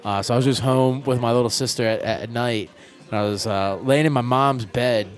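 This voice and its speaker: A man's voice: mid-range voice, a little fast. A man hosting a casual podcast chat, laid-back and profane, laughing often. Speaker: podcast host.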